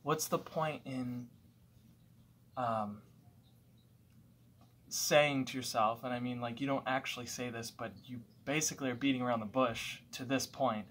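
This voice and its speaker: A man's voice: medium pitch, steady tone, measured pace, pauses often, fairly bright tone, a little hiss or hum. A man talking through his thoughts in a casual, reflective monologue at home, rambling and restarting as he goes. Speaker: vlogger.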